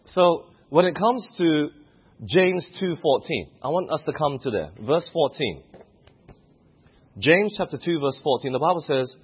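A male preacher delivers a sermon and keeps drawing the congregation in with questions. His voice is slightly husky and rises and falls a lot. The recording is muffled and lo-fi. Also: on the high side, animated, measured pace.

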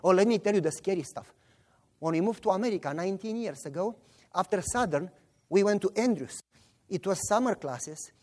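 Animated Romanian-accented man preaching. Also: high-pitched, fairly quick. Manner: animated storytelling, voices his characters. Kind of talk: sermon with acted-out stories.

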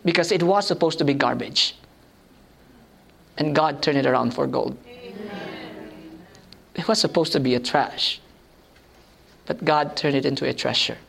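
A woman's voice: low voice, a little slow, creaky, long pauses. Laughing woman preaching with stories. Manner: animated, self-mocking, laughs often. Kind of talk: sermon with personal storytelling.

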